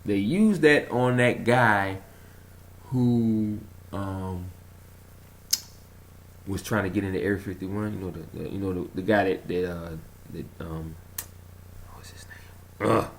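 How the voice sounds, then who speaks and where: A man rambling through a casual vlog monologue, telling a story in an animated way, chuckling and trailing off while he searches for words. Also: deep voice, measured pace, long pauses, slight background noise. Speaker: conspiracy vlogger.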